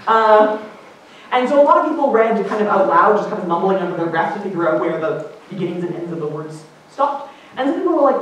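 A woman linguist giving a casual public lecture, chatty and animated, putting on higher voices for the people she quotes. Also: fairly quick, a little hiss or hum. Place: lecture hall. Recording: echoey hall from far off.

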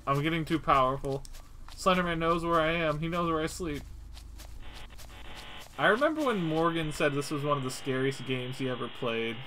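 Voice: mid-range voice, lively intonation, normal speed, a bit bright, slight background noise, rough recording. A young adult streamer giving live gameplay commentary, swearing often, laughing at the game and talking straight to the enemy.

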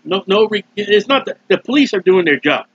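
Loud, animated preacher man. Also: fairly quick, breathy edge, no room sound, lo-fi sound. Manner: loud, emphatic preaching with sudden pitch swings; mocking asides and short laughs. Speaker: street preacher. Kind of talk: sermon.

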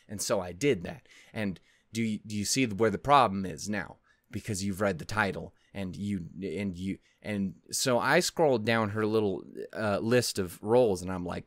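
A man's voice: lowish voice, moderate pace, a bit bright, dry recording, studio quality. A man telling a story to his video audience in a rambling, casual way. He interrupts himself often and swears a lot. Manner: rambling, self-interrupting, swears a lot, keeps saying "anyway, point is". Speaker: anime video creator.

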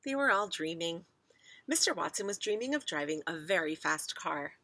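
A woman's voice: fairly low pitch, expressive, normal speed, bright, forceful tone, no echo. A woman teacher reading a children's book aloud to her class, with chatty asides to the children.

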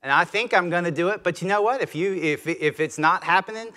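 Southern man, 50s, retired general, keynote, chatty and self-deprecating, bright forceful tone. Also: sits high, a little fast. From Mississippi, US. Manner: conversational, animated, self-deprecating. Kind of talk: conference keynote speech.

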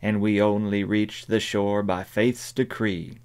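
A man voicing a church song leader in a storybook reading, calling out hymn lines slowly and drawn out. The voice stays low and unhurried. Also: smooth, natural voice. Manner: slow, drawn-out.

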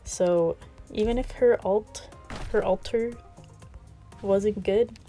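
A woman's voice: medium pitch, steady tone, takes it slowly, mellow, faint music behind. A woman chatting casually while playing a game; she laughs often, rambles and sounds a little out of breath. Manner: giggly and rambling. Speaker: gaming video creator.

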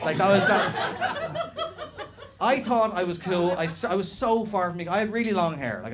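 Irish comic, lively crowd laughing. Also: male voice, on the high side. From Ireland. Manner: animated, swearing, shouted impressions. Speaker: stand-up comedian. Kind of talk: stand-up comedy set. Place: small comedy venue with live audience. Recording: live club recording with laughing crowd. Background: audience laughter.

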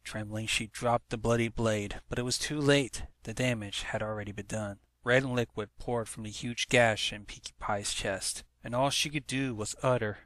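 Bright-voiced man reading a story aloud. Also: moderate pace, few pauses, dry recording. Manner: lively, leaps up in pitch on the intro. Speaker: fan fiction reader. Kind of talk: read-aloud story narration.

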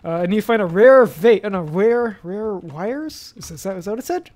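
A man's voice: sits high, animated, normal speed, a little mellow. A man playing a video game and talking to himself as he goes, rambling with lots of fillers, restarts and mild swearing, hot and sweating in a costume in his bedroom. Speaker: gaming YouTuber. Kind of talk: casual let's-play commentary.

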